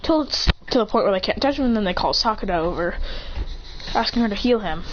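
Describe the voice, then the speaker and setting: A storyteller retelling a fan-made anime adventure, rushing along, restarting sentences and acting out each character's lines. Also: medium pitch, animated. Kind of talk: rambling fan-fiction retelling. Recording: slightly muffled with faint hiss.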